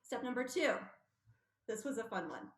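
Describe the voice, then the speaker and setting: A woman, a guest on a radio talk show, telling her story with lively acted-out quotes. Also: fairly high pitch, normal speed, echoey room. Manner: animated storyteller, acting out quotes. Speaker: guest, intuitive medium. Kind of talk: casual radio interview.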